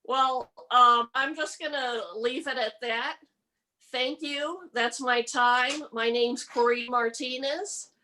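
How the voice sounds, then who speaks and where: A middle-aged woman doing a stand-up comedy set with a deadpan delivery. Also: sits high, rough recording. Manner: slow deadpan delivery with mocking put-on voices. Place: home, virtual comedy show.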